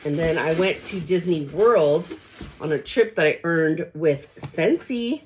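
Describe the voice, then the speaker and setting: A woman's voice: sits low, expressive, a little slow, slight background noise. A woman talking through an unboxing, gushing and emotional as she addresses her viewers directly. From Los Angeles area. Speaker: product consultant vlogger. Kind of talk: excited unboxing chat.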